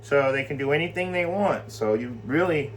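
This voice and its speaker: A man teaching scripture in a loose, animated way, rambling and swearing as he tells a story. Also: a little high, normal speed, a little hiss or hum. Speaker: Bible study teacher.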